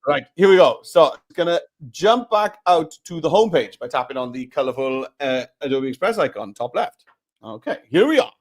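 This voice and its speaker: Man, fairly high voice, co-presenter on a live lesson, brisk, teasing. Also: big pitch swings. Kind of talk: live software tutorial.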